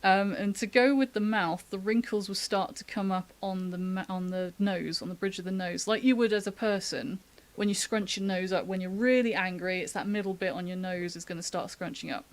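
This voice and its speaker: A woman's voice: mid-range voice, fairly even intonation, fairly quick, hardly any pauses. A woman giving a casual live-streamed drawing tutorial, chatty and thinking aloud as she sketches, laughing often, from the UK. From United Kingdom. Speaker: artist giving a drawing demo.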